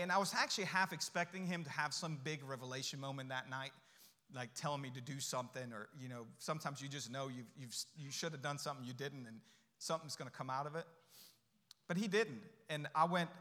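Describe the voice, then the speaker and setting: A man's voice: medium pitch, sharp tone. A middle-aged man giving a guest sermon in a church, telling a personal story in a conversational way and acting out the dialogue. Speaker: guest speaker. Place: church sanctuary. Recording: long hall reverb.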